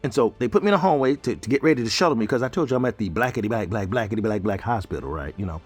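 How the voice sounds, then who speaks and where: Husky, animated male storyteller. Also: on the low side, racing. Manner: animated, joking, conversational. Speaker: show host telling his story. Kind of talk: casual storytelling.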